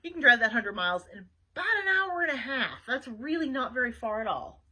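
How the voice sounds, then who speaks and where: Animated woman reading a kids' book. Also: on the high side, brisk, poor audio. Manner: chatty asides to young listeners. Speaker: librarian reading aloud. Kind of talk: reading a children's book aloud.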